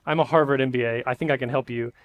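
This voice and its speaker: A man telling a story in a sermon puts on a brash American banker who talks fast and eagerly. He pushes his big plans with easy confidence. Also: mid-range voice, steady tone, natural voice.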